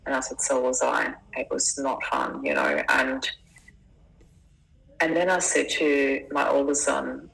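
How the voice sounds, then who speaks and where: Deep, gravelly woman. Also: steady tone, fairly bright tone, low-quality recording. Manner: earnest, emotional, halting with restarts. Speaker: life coach, guest. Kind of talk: personal storytelling in conversation.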